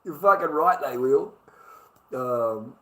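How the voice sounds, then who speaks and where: A man's voice: mid-range voice, animated, moderate pace, fairly bright tone, low-quality recording. A man with an Australian accent in a profane, repetitive monologue, stammering as he restarts his sentences. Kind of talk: ranting monologue.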